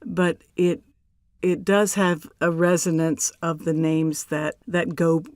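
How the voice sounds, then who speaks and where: Measured older woman, dry close sound. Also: fairly low pitch, level tone, darkish tone, no room sound. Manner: measured, deliberate, with emphatic pauses. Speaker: voice actor, interview guest. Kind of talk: relaxed interview storytelling.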